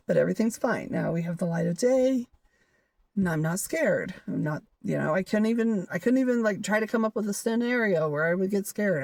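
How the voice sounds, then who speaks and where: A hiker vlogger tells a personal story in a loose, rambling style, peppered with fillers like "you know" and "like" and frequent laughs. Her voice is lowish and darkish in tone, recorded on a distant mic with no echo.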